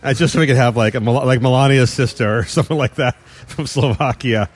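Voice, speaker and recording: A man talking quickly in loose, jokey banter, full of fillers and asides. His pitch sits in the middle and he rambles from one point to the next. He laughs at his own jokes. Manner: fast, rambling, joking with frequent laughs and fillers. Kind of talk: casual podcast banter.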